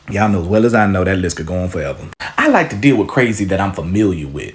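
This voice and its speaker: A man's voice: low-pitched, animated, fast talker, few pauses. A man from the American South, giving a punchy comedic monologue. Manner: punchy, shouts names for laughs.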